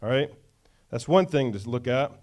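A man's voice: mid-range voice, expressive, moderate pace, a little mellow. A male pastor preaching a conversational sermon, often checking in with the congregation.

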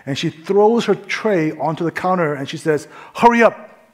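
A man's voice: a little high, moderate pace. A male pastor preaching a sermon in a casual, conversational way, with many fillers, telling a story and acting out the voices in it. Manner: drops to a soft hush in prayer.

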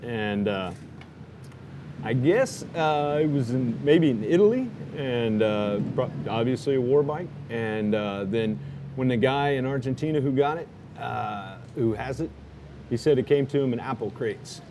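A man with a mid-range voice, swapping motorcycle travel tales in an easygoing, rambling way, pausing on fillers as he goes. A faint vehicle rumble hums underneath. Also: animated. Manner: rambling, laid-back, many fillers. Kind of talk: casual chat.

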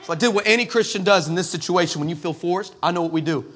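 A man from El Paso preaching a comic storytelling sermon, animated and sarcastic, with many stammered restarts. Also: high voice, fast, slight background noise. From El Paso, West Texas, USA. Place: church.

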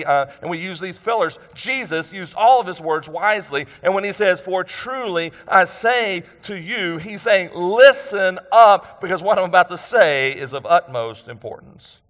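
A man's voice: high voice, animated, moderate pace, hardly any pauses, a bit bright. A man preaches a sermon in a church sanctuary. His delivery is conversational, full of rhetorical questions and emphatic repetition. A long reverb trails each phrase. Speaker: pastor.

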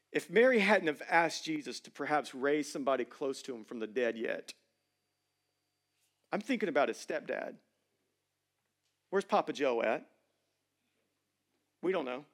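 A high-pitched man preaches from a church stage. His sermon is conversational and full of jokes, and his voice swings between loud emphasis and quiet asides. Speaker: pastor.

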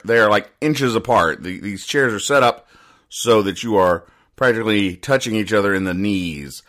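A man hosting a comedy show, rambling through comic strips with deadpan, mock-serious explanations. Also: lowish voice. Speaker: podcast host.

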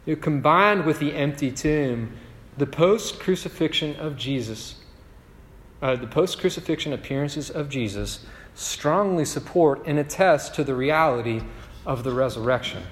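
A pastor with a fairly high voice preaches a sermon at a moderate pace, in a long hall reverb. His style is conversational, and he keeps checking in with "right?"

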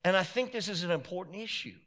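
Pastor, male, very high bright voice, emphatic sermon delivery with repeated phrases building to shouts. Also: expressive, fast.

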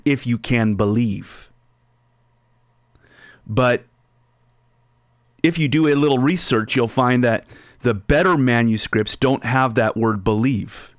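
A man's voice: mid-range voice, dry recording, studio quality. A man preaching a sermon, reading scripture aloud and explaining it line by line. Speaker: pastor.

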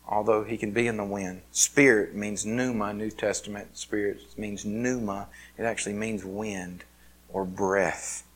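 A man preaching a conversational sermon with lots of fillers and restarts. He swings between loud emphatic peaks and quiet, hushed asides. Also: lowish voice, fairly even intonation, unhurried, rough recording. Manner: casual, filler-heavy delivery with many restarts. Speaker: pastor.

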